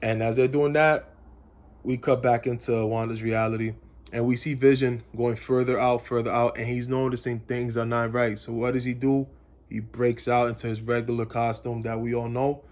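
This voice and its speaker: A man's voice: mid-range voice, level tone, normal speed, darkish tone. A man casually recapping a TV episode and theorizing about what comes next, rambling and repeating himself as he speculates. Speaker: comics channel host.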